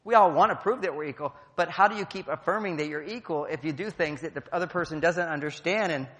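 A man's voice: fairly high pitch, quick pace, a bit bright. Joking man speaking in a reverberant hall. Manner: playful, jokey, acts out quotes. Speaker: speaker at a conference. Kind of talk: motivational talk to a live audience. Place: large hall.

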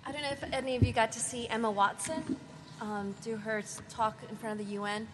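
A woman on a panel telling a story with lively admiration. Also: fairly high pitch, a little fast. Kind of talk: panel discussion. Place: conference hall. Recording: reverberant hall, audible noise.

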